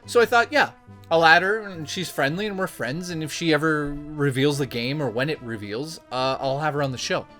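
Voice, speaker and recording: A young man with a fairly high voice tells a story straight to his viewers. He is animated and jokey, his voice jumping up whenever he gets excited, with faint music playing underneath. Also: moderate pace. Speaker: YouTuber. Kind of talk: casual storytelling vlog.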